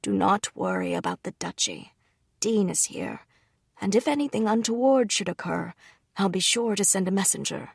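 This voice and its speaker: Woman reading as a proper polite butler guy, gravelly voice. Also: medium pitch, sing-song, moderate pace, dry recording, clean studio sound, exaggerated voice. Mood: formal. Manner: formal, polite. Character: formal, dutiful male steward.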